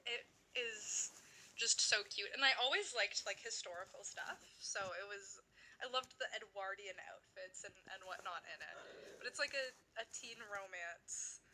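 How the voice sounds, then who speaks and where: Bubbly young woman, bright rambling chatter. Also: medium pitch, moderate pace, slight background noise. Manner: bubbly and rambling, heavy filler use. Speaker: streamer. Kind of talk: casual livestream chat.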